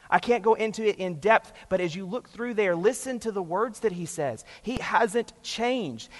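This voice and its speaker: A man preaching a sermon, passionate and emphatic, swinging between loud and hushed. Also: high voice, long reverb tail. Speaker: pastor.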